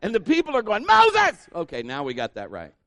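Male pastor, sermon, lively swooping voice, slightly high, jokey storytelling, bursts of shouting. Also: quick pace.

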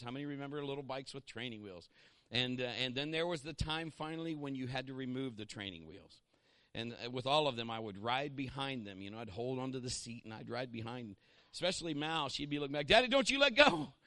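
A middle-aged man preaching an impassioned sermon, pausing to have the congregation repeat lines after him. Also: mid-range voice, a bit bright, dry recording, clean studio sound. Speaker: pastor.

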